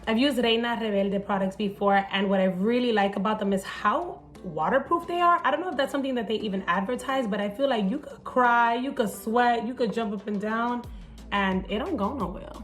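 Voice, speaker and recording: A woman's voice: on the high side, brisk, soft background music. A woman comedian giving a casual makeup tutorial, playful and joking, swearing freely and slipping into Spanish phrases. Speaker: comedian and TV host.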